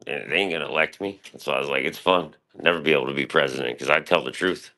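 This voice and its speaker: Super deep voiced guy ranting on his stream, cussing a lot, kinda bright edgy tone. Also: fast talker. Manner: profane, boastful, rambling. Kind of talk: rambling casual monologue.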